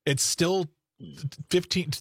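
A man hosting a political talk radio show, measured and informative as he points listeners to resources. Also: high voice, steady tone, dry recording, studio quality. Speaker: radio host.

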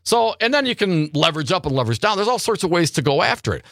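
A man's voice: sits high, sing-song, quick pace, creaky, fairly bright tone, no room sound, clean studio sound. A man hosting a talk radio show, chatting casually about politics, full of rhetorical questions and repeated words.

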